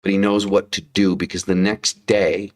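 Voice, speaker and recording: A man's voice: deep voice, flat delivery, moderate pace. A man in his thirties co-hosting a casual livestream talk show, speaking candidly, swearing often and repeating himself as he tells stories. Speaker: podcast co-host, father.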